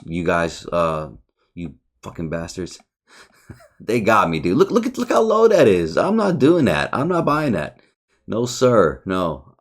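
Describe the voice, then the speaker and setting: A young man hosting a trading channel, reviewing his trades in a frustrated, rambling, profane way. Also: low-pitched. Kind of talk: casual market review over charts.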